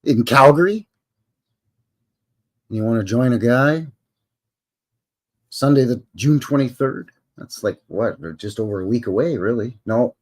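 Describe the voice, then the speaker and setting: A man's voice: medium pitch, measured pace, pauses often. An older man with a Canadian accent, hosting a live stream in a rambling, folksy and jokey way with slangy asides. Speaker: livestream host. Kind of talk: casual live chat.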